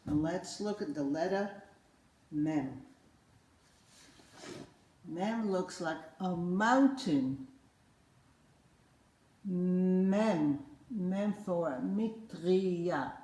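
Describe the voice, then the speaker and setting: Slow-spoken grandmotherly woman teaching children. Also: on the low side, animated, warm tone. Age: older. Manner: slow, playful, coaxing, repeats words for kids to echo. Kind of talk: children's lesson with a puppet. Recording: roomy echo.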